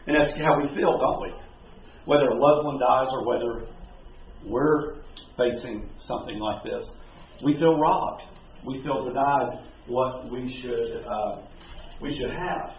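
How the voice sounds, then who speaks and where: Man, Bible class teaching, halting with fillers, far from the mic, tinny phone-like sound. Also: mid-range voice, a little hiss or hum. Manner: conversational and halting, with many fillers and restarts. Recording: distant, very echoey, phone-like room recording.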